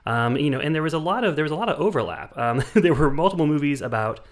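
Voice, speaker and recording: A man's voice: fairly high pitch, animated, quick pace. Wry, chatty male podcast host. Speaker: podcast co-host, film critic. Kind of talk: casual chat.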